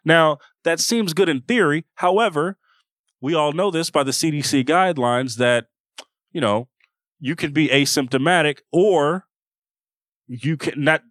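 A young man co-hosting a sports podcast, talking fast and heated, often restarting his sentences. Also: fairly high pitch, fairly bright tone, dry recording. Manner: impassioned, ranting with many restarts. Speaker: podcast co-host. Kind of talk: casual sports chat.

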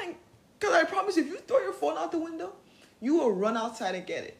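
A young woman hosting a self-help podcast, talking in an earnest, animated way, laughing often and swearing casually. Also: extremely high pitch, quick pace, creaky, reverberant, a little hiss or hum, rough recording. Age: young adult. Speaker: podcast host.

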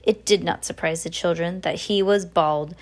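Woman, audiobook narration, steady reading, lowish voice. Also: normal speed. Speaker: audiobook reader.

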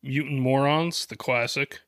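A man's voice: medium pitch, steady tone, fairly bright tone, no echo, studio quality. A man co-hosting a podcast, teasing the others and pointing out what they missed. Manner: teasing, quick to correct others. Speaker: podcast co-host. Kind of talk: casual podcast chat.

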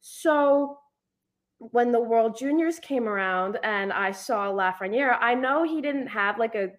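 A young woman co-hosting a casual podcast chat, telling animated stories and acting out what people said. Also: a little high, a little slow. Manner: animated storyteller acting out quotes. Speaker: podcast co-host.

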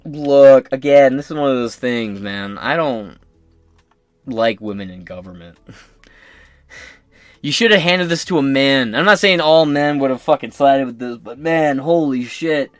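A man's voice: medium pitch, expressive, measured pace, no room sound, faint music behind. A man hosting a podcast, ranting bluntly with constant swearing and mocking asides. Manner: blunt, crude, heated, mocking. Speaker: podcast host. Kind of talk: profane opinion rant.

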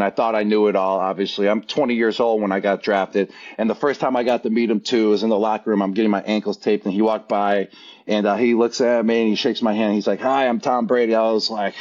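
A man in his thirties with a low-pitched voice tells locker-room stories as a podcast guest. He talks casually and animatedly, and his voice jumps up whenever he acts out a quote. The recording sounds somewhat dull and lo-fi. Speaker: guest, former tight end. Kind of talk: casual interview storytelling.

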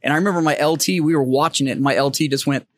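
A man co-hosting a podcast, dropping quick jokes into a casual chat. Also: a little high, no room sound. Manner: fast, joking interjections. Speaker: podcast co-host. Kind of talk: casual banter.

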